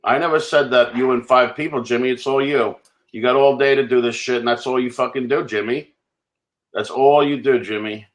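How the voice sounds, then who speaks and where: A man's voice: medium pitch, fairly even intonation, moderate pace. A man in a heated live webcast argument, blunt and profane as he insists on his point. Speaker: livestream participant.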